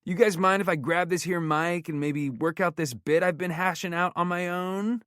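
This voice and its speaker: Brash male comedian for an audiobook, pitched up high and pushed loud, crude and cocky, as a narrator puts him on. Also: fairly even intonation, moderate pace, clean tone, no room sound, studio quality. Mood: swaggering.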